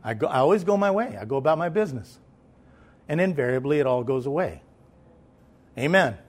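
A man's voice: on the high side, expressive, a little fast. A man preaching a sermon in a loose, conversational way, with many fillers and swells of emphasis.

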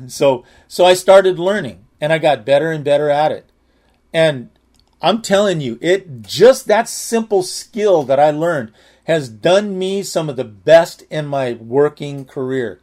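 A man's voice: on the high side, expressive, a little slow, darkish tone. A man sharing a personal testimony in a candid, earnest, conversational way.

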